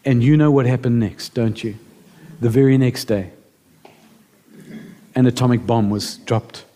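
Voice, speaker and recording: A man's voice: mid-range voice, steady tone, unhurried, mellow. A man preaching a sermon as pastor, emotional and building to impassioned appeals.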